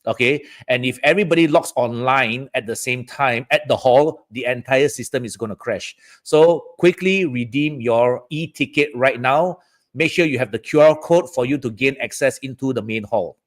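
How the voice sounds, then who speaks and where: A man's voice: mid-range voice, normal speed. A man from Southeast Asia hosting a live-streamed feng shui talk, chatty and often checking in with "all right" and "okay, guys".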